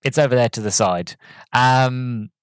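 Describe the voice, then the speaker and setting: A male podcast host reviewing a film in a loose, rambling way, full of restarts and tangents. His voice sits at a middling pitch. The recording is dry and close, with no room sound. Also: unhurried, smooth, no room sound. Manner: rambling, goes off on tangents, many fillers and restarts. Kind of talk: casual movie review monologue.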